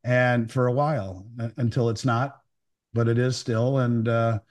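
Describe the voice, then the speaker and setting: A man's voice: mid-range voice, fairly even intonation, measured pace, darkish tone. A man speaking as a guest over a call, blunt and opinionated. He rambles and stumbles through restarts before landing his point. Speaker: precious metals dealer guest. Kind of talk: casual chat. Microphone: remote call.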